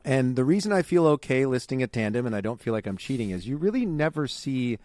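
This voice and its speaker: A man co-hosting a podcast, talking earnestly in a halting way with many restarts. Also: medium pitch, very animated, a little mellow, dry recording. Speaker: podcast co-host. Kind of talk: casual chat.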